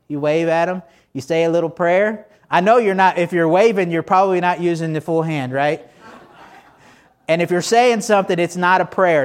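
A pastor preaching a sermon to his congregation in a church, conversational and joking, asking many rhetorical questions. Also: fairly high pitch.

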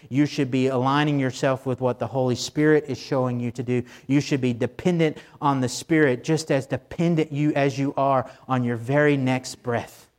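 A male pastor delivering a Sunday morning sermon, excited and emphatic, repeating phrases for emphasis. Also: medium pitch. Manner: excited preaching with repetitions and rising emphasis.

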